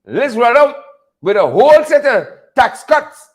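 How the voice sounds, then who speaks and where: Very high-voiced Guyanese man riffing. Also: big pitch swings, measured pace. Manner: repetitive, chuckling, calls out viewers by name. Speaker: host of a political commentary show. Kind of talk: casual live commentary reading viewer names.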